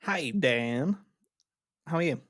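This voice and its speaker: Animated, jokey man. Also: a little high, slow, very noisy. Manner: playful, rambling, jokey. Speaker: podcast co-host. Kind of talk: comedic casual chat.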